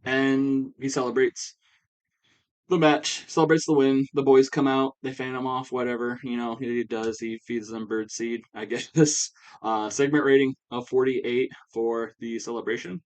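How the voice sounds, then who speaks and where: A man's voice: mid-range voice, flat delivery, measured pace, low-quality recording. A man casually recapping a simulated wrestling show, rambling along with lots of "uh" and "you know" fillers. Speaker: YouTuber recapping a wrestling sim game.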